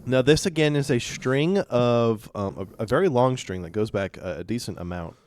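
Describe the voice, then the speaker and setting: A man hosting a podcast, chatting casually and walking through a story with halting restarts and fillers. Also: mid-range voice, lively intonation, darkish tone, no echo, clean studio sound. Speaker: podcast host presenting stories. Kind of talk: casual chat and story rundown.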